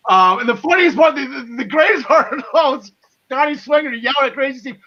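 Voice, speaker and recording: A man's voice: extremely high pitch, fairly quick, bright, forceful tone, muffled recording. A man hosting a casual wrestling podcast, enthusiastic and laughing often, with lots of fillers and restarts. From half Irish. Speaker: podcast host.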